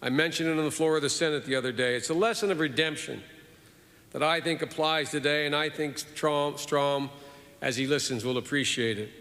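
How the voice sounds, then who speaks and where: A man in his sixties giving a formal eulogy in a measured, earnest way with repeated phrases, in a large hall at a funeral. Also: a little high, fairly even intonation, a bit bright. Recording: reverberant hall.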